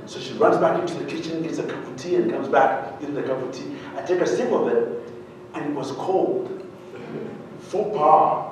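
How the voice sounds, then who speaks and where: A man's voice: fairly high pitch, normal speed, a little hiss or hum. Echoey keynote speaker, a man from Uganda. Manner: animated, humorous, asks the audience questions. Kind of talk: storytelling keynote talk. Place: large hall with an audience. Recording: very echoey hall, heard from a distance.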